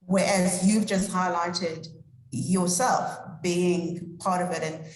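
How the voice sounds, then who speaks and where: Woman, moderator, lowish voice, affirming, frequent restarts, echoey room. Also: fairly even intonation, slow, a little hiss or hum. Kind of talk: panel discussion.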